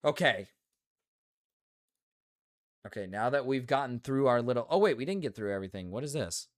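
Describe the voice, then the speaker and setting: A man's voice: medium pitch, expressive, moderate pace. Profane young man ranting on stream. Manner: ranting, profane, repeats himself. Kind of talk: casual livestream rant.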